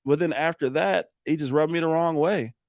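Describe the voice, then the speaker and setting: A man, a roofing contractor, telling animated stories on a podcast, acting out the dialogue and swearing now and then. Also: fairly high pitch, normal speed, dry recording. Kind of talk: casual storytelling on a podcast.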